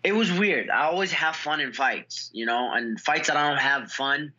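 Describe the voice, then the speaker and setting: Excitable young man on a lo-fi line. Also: on the high side, normal speed. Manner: excitable storyteller, many fillers and restarts. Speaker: fighter, guest. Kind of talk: casual interview.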